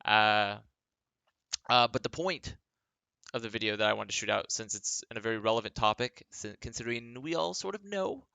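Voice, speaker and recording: A man's voice: on the low side, moderate pace, gravelly, sharp tone, clear, resonant tone, no echo. A tired young man, a former esports pro, talking in a casual vlog monologue from his home workspace, rambling with lots of fillers and dry sarcasm.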